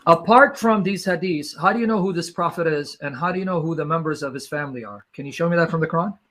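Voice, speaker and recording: Insistent debater guy, slightly high voice, presses every question hard. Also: fast, fairly bright tone. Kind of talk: live debate.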